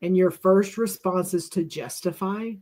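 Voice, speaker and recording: A woman's voice: lowish voice, measured pace, a little mellow. Earnest middle-aged woman sharing personally. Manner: earnest and reflective, restarts often. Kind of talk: candid personal storytelling.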